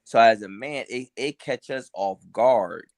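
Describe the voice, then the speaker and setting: A man's voice: mid-range voice, a little slow, no echo. A man in his forties co-hosting a podcast, laid-back and reflective in slangy casual chat. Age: 40s. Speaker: podcast co-host.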